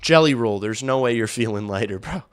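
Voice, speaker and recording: A hoarse young man streaming live, chatting casually and bluntly to his viewers, profane and rambling. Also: mid-range voice, lively intonation, a little fast, music in the background. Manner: rambling, blunt and profane, addresses chat directly. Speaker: hockey streamer. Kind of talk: casual livestream chat.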